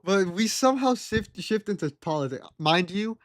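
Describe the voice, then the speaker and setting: A man's voice: high voice, lively intonation, moderate pace, no room sound, studio quality. A young man streaming live, casually telling a story in a sarcastic, exasperated, slangy way. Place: home streaming setup.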